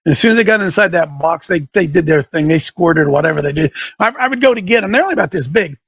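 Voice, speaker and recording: A man's voice: on the high side, lively intonation, fast, a bit bright, slightly rough, no room sound, dull audio. A middle-aged man hosting a show, telling a folksy story and turning it into an emphatic sermon-like lesson for listeners. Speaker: show host. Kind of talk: preaching radio monologue. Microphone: studio microphone.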